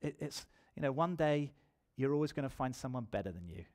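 A man's voice: mid-range voice, expressive, a little fast, a little mellow. A man preaching a sermon in church, telling his own testimony and building to emphatic appeals.

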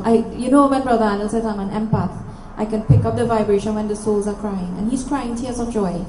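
A woman's voice: mid-range voice, fairly even intonation, a little fast, hardly any pauses, a little mellow. Trinidadian woman medium in echoey hall. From Trinidad and Tobago. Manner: direct, repetitive and coaxing. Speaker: medium giving readings. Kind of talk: public talk and spirit readings. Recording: echoey hall, faint noise.

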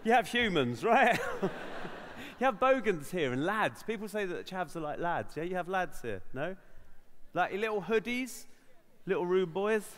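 A man with a South London accent telling stories in a stand-up comedy set, animated and prone to slipping into put-on voices. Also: high voice, normal speed, slight background noise. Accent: South London English. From England. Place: comedy venue with audience.

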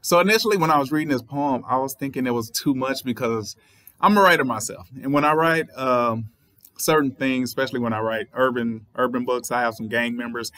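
A man's voice: mid-range voice, brisk, a bit bright, no room sound. A man with a Southern US accent, a writer and channel host, explaining a poem in a thoughtful way and spelling words out letter by letter. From Southern United States. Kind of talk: poetry reading with commentary.

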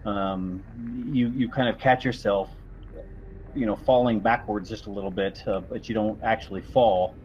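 A man narrating as game master in a tabletop horror game, describing events in a relaxed, halting way. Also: fairly low pitch, slight background noise. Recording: slightly dull lo-fi recording.

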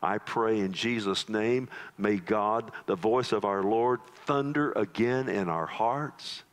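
Slow, low-voiced preaching man. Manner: dramatic, drops to low hushed tones for emphasis; addresses listeners as "loved one". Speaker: pastor. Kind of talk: sermon.

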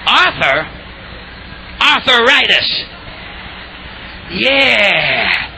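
An older man preaching a revival sermon, shouting and calling on the crowd to answer back. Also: extremely high pitch, big pitch swings, very slow, long pauses, slight background noise, low-quality recording. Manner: shouting, call-and-response exhortation.

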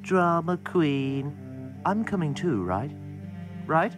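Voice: mid-range voice, sing-song, slow pace, music in the background. An actor playing Herb, a sarcastic, complaining male talking skeleton in a horror-comedy short film.

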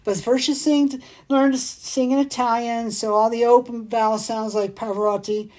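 A woman's voice: on the high side, steady tone, normal speed, darkish tone. A woman hosting a casual livestream, chatting in a rambling, digressive way and reading out viewer comments. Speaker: jewelry shop livestream host.

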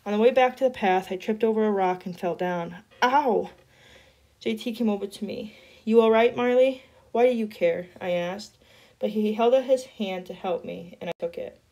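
Woman reading a chapter book out loud, steady, mid pitch. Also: brisk. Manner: steady storytelling narration. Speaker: reader. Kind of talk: reading a novel aloud.

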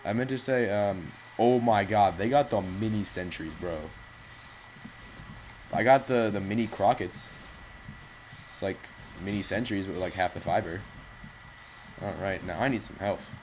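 A man's voice: lowish voice, unhurried, long pauses, darkish tone, a little hiss or hum, poor audio. A man hosting live gameplay commentary with rambling, jokey, self-mocking asides. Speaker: gaming channel host.

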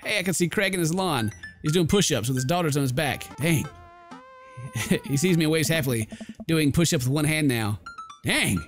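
A man's voice: on the high side, animated, normal speed, long pauses, faint music behind. A man in his twenties hosting a let's play, joking and laughing as he reads game text aloud. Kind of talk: game commentary, reading dialogue aloud.

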